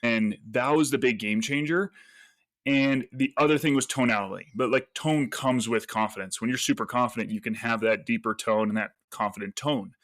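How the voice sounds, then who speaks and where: A man, a real estate agent, telling stories as a podcast guest in a lively, casual way and acting out the lines he quotes. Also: mid-range voice, normal speed, no room sound. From United States. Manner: animated storyteller, acts out quoted voices. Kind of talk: casual interview talk.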